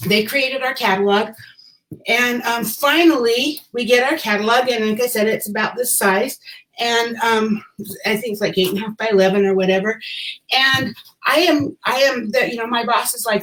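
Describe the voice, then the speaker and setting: A woman's voice: fairly high pitch, normal speed, fairly bright tone, rough recording. A woman vlogger telling a personal story to camera in a casual, rambling way, repeating phrases for emphasis and chuckling at herself.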